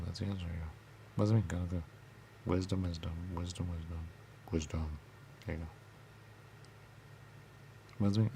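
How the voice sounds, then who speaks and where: A man's voice: low voice, gravelly, dark tone, slight background noise. A man rambling in circles, asking himself questions and answering them, repeating words and dropping into sudden whispers. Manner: circular, repetitive musing with sudden whispers.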